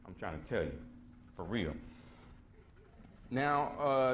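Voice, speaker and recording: A man with a drawl holds forth at a conference podium. His talk is street-casual and blunt, full of emphatic asides, and he slips into the voices of the people in his stories. His pitch sits in an ordinary middle register, with a faint hiss of noise behind him. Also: animated, slow pace, long pauses. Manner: blunt, slangy and emphatic, acting out quoted voices. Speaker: conference speaker. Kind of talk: casual storytelling lecture to a live audience. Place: conference hall before an audience.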